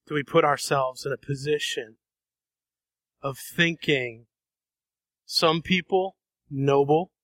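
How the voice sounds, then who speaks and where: A man preaching a sermon, dramatic, acting out voices and shifting between soft and loud passages. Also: a little high, takes it slowly, long pauses, dry recording. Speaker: pastor.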